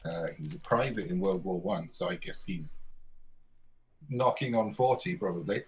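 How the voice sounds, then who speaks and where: A man's voice: deep voice, normal speed, rough recording. A man playing in a tabletop game, introducing his character in a dry, laid-back way. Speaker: player. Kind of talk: casual chat at a tabletop game.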